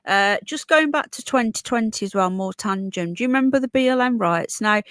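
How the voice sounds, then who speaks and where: Reading viewer comments aloud, this woman hosts a casual livestream despite a sore throat, chatty, opinionated and prone to rambling restarts. She sounds fairly high, a bit bright, and a little fast. It's a dry recording.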